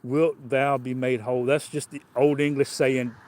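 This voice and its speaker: A man's voice: medium pitch, little pitch movement, normal speed, a little mellow. A man with a Southern US accent preaching a livestreamed sermon in a folksy, colloquial way, often repeating and restarting his phrases.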